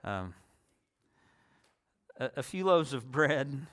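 A man's voice: medium pitch, very animated, slow pace, a bit bright. A man preaching a sermon in a conversational way, restarting phrases and adding personal asides.

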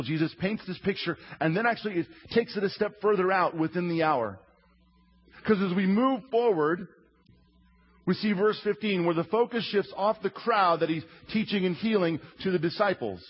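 Humorous high-voiced male pastor preaching. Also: breathy edge. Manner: humorous, animated storytelling. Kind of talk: sermon. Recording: slightly muffled recording.

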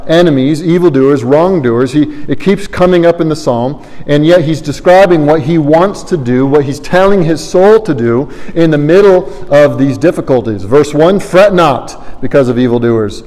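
Male pastor, earnest sermon delivery with vivid examples, slightly raised pitch, big-room reverb. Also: moderate pace, few pauses, warm tone. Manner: earnest, explanatory preaching with vivid word pictures. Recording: long reverb of a large hall.

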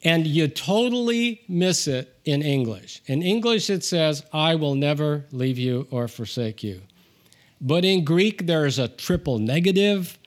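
A man preaching a sermon, conversational with asides, rising in pitch and volume when he reads scripture aloud. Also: expressive, a little slow. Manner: conversational with asides and self-deprecating humor. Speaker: pastor.

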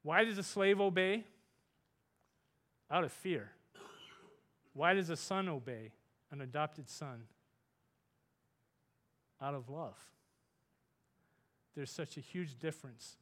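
A man preaching a sermon, earnest, rising loud for emphasis and dropping soft on tender points. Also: slow pace, pauses often. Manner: earnest, rises in pitch and volume for emphasis, softens for tender points.

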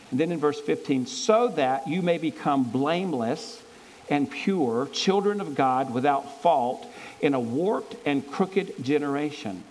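A man's voice: a little high, slight background noise, poor audio. Earnest male preacher, conversational. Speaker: pastor. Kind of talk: sermon.

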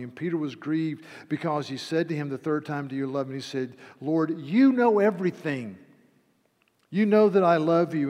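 A man preaching a sermon, earnest and dramatic, retelling a scripture scene with hushed, quoted lines. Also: medium pitch. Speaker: pastor. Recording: long hall reverb.

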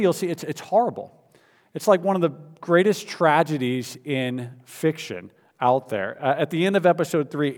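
A man preaching a sermon, telling a story in a relaxed, conversational way with many fillers and restarts. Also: medium pitch, long reverb tail. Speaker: pastor.

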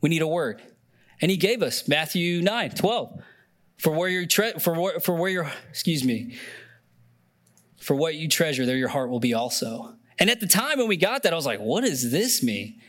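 A man's voice: a little high, animated, normal speed, a bit bright. A young man preaching a sermon in an earnest, conversational way, often emotional and near tears, with many fillers and restarts. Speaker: pastor.

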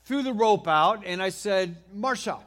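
A middle-aged American man preaching a sermon, telling a homey story in a folksy, animated way with frequent restarts. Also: high voice, unhurried. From United States. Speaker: pastor.

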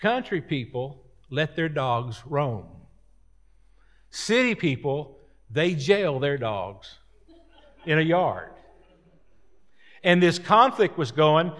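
A man's voice: on the high side, sing-song, takes it slowly, long pauses, fairly bright tone. A man preaching a sermon as pastor, folksy and rambling, with repeated words and chatty asides.

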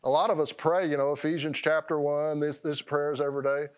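A man's voice: fairly high pitch, level tone, a little fast, smooth. A man preaching a sermon as pastor, rambling and repeating words, often stopping to laugh at himself.

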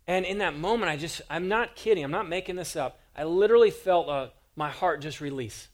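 An earnest male pastor delivering a sermon from the pulpit. His voice sits a touch higher than most men's, and he presses his points with emphatic rhetorical questions. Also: a little fast.

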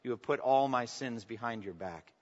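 A man preaching a sermon as pastor, swinging from emphatic declarations to soft, intimate asides and asking the congregation for response. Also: mid-range voice, normal speed. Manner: preaching with rising emphasis, then dropping to soft, intimate lines. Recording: long reverb, dull lo-fi sound.

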